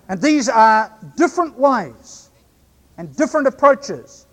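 A man with a New Zealand accent preaching a sermon, measured, slowing right down to stress key phrases. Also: very high voice, sing-song, long reverb tail. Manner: measured, slows right down for emphasis.

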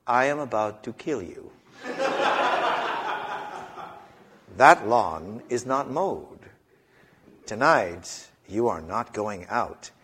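A man in his fifties voicing a fed-up father who lays down the law slowly and quietly. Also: sing-song, reverberant, in a large hall, slight background noise, full character voice. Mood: stern. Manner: slow, low, menacing. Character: stern, fed-up father warning his son.

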